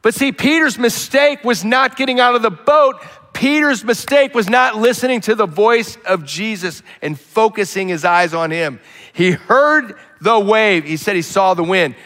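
Man, sermon, fairly high voice, long hall reverb, swings loud to soft. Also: a little slow. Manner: animated storytelling, swinging between loud emphasis and quiet asides. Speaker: pastor.

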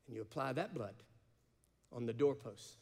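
Guy preaching hard, loud cries then quiet slow bits, mid voice, big echoey church hall. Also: medium pitch, expressive. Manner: impassioned, swings from loud emphatic cries to hushed slow phrases. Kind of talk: sermon. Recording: long reverb of a large hall.

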